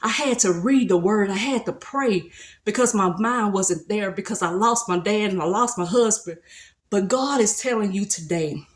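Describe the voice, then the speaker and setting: A woman's voice: mid-range voice, moderate pace. A woman giving a casual devotional talk, retelling a Bible story in a colloquial, conversational way. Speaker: speaker sharing a devotional.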